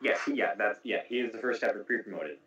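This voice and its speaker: A man's voice: lowish voice, animated, fast, crowd noise. A man hosting a casual podcast chat about video games, explaining game details at length. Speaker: podcast host. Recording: echoey room, distant mic.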